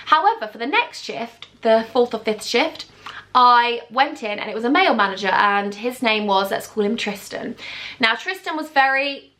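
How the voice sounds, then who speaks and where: A young woman in her twenties telling a storytime vlog to camera, animated and acting out the people she quotes. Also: a little high, normal speed. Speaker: YouTuber.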